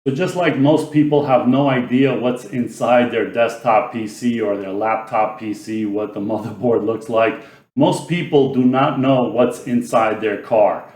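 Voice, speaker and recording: A man's voice: medium pitch, fairly even intonation, a little slow, darkish tone, echoey room. A man explaining stock and car prices in a casual commentary style, chuckling often and asking rhetorical questions. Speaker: finance commentator.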